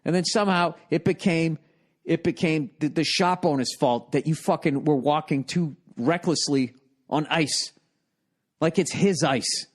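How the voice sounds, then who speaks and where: A man in his forties from the United States, a comedian hosting his own podcast, tells a rambling story in a profane, exasperated way. His voice is fairly high in pitch and his pace is a little slow.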